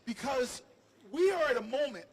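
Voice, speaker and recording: High-voiced middle-aged man telling a funny story. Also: moderate pace, breathy edge, rough recording. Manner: animated, joking, laughs along with the audience. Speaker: politician speaking at a rally. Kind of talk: humorous storytelling speech to a live crowd. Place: outdoors on building steps. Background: faint crowd.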